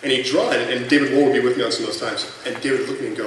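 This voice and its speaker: A man's voice: mid-range voice, fairly even intonation, very fast. Man telling stories in an echoey convention hall. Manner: chatty, lots of fillers, laughs through the punchlines. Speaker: former colleague sharing memories. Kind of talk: anecdotal storytelling at a tribute panel. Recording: echoey hall from far off, noisy room.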